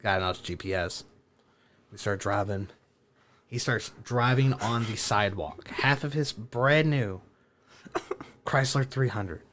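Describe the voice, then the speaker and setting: A man, a podcast guest, telling a story in a casual chat, animated, swearing and laughing as he goes. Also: on the low side, measured pace, pauses often, slight background noise. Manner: animated, profane, laughing through his story.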